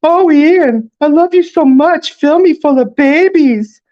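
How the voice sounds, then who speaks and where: A man doing a shrill mock-girly falsetto. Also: a little slow. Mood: mocking swoon. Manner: shrill, smothering, teasing. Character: teenage boy mocking in a girly falsetto. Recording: dull lo-fi recording.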